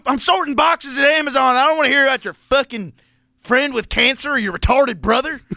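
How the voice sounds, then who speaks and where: Man playing a very high, shrill heckling worker, crude and mocking, swoops up and down, bright edge. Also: no room sound, clean studio sound, full character voice. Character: crude angry male listener heckling the host, warehouse worker.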